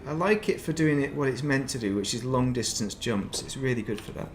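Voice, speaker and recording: A man's voice: mid-range voice, a little fast. A man in mid-range voice talks his way through a game session on stream, drifting off on tangents and poking fun at himself. A faint hum of ambience sits under his close desk mic. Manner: rambling, chatty, self-deprecating asides. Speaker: gaming streamer. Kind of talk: casual live-stream chat while playing.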